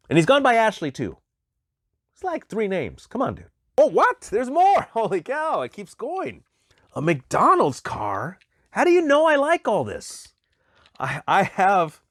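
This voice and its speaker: A man chatting excitedly as he unboxes a package of collectible toys, exclaiming at each find. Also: medium pitch, no echo, studio quality. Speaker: toy collector vlogger. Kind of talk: casual unboxing chat.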